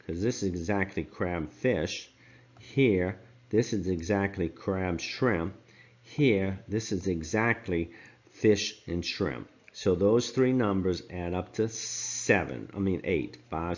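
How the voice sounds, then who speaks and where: A man teaching a recorded math lesson, talking slowly through his counting step by step and correcting himself as he goes. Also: deep voice, lo-fi sound. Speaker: math instructor.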